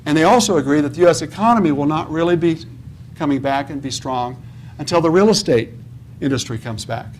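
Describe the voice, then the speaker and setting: A man's voice: on the high side, brisk, a little hiss or hum. A man speaking at a real estate conference in a preachy seminar manner, asking the audience questions, answering them himself and often checking with "okay?". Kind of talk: motivational seminar talk. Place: conference hall.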